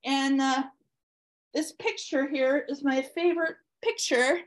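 This is an author being interviewed: a woman with a high-pitched voice recounting something from her own life, unhurried and full of fillers like "um" and "uh." She sounds warm and eager throughout.

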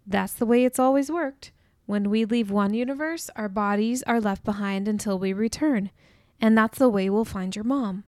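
A woman reading the part of a remorseful grown man who speaks softly and gently in an audiobook. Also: medium pitch, normal speed, no room sound, clean studio sound, close to an everyday voice. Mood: gentle. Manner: soft, subdued delivery.

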